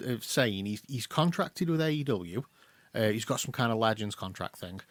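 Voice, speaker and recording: A man with an English accent co-hosting a podcast, chatting casually and acting out quotes in quick bursts. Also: lowish voice, lively intonation, no room sound. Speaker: podcast co-host. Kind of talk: casual chat.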